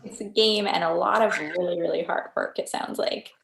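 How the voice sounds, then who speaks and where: Woman interview host, low pitch, gravelly fry, upbeat and polite, echoey room. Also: normal speed, slight background noise. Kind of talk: hosted interview. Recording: roomy echo.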